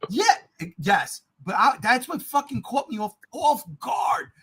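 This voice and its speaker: Man, podcast co-host, casual movie chat, excitable, lively pitch, husky. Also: unhurried. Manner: animated, swearing, excitable, often shouting.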